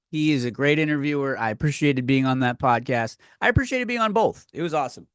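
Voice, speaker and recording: On his own podcast microphone, a man hosting a comedy show goes on a comedic rant loaded with swearing and stumbling restarts. His pitch is medium, and the recording is dry and studio quality.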